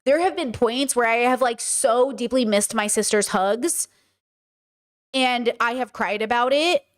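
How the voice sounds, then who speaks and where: A woman's voice: a little high, measured pace. A young adult woman hosting a livestream, talking frankly to her chat and swearing freely for emphasis. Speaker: podcast host.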